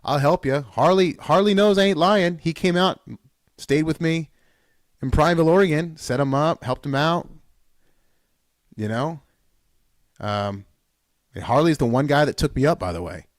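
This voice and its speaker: A man hosting a podcast, giving a fired-up motivational talk, piling up repeated calls in loud bursts. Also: a little high, moderate pace, pauses often, no echo, clean studio sound. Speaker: podcast host. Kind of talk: solo podcast pep talk.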